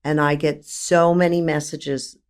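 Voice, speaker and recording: A woman in her fifties with a New York accent, a therapist speaking as a podcast guest, frank and animated, laughing often and stacking emphatic lists. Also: deep voice, measured pace, clear, resonant tone. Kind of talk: candid conversational interview.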